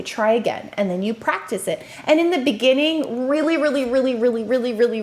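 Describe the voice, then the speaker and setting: A woman in her thirties talks through a parenting clip in a casual, chatty way. Her voice sits a little high, and she slips into quick little impressions of parents and kids to make her points. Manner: animated, acts out parents' and children's lines. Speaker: educator and parenting commentator. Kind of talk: casual reaction commentary.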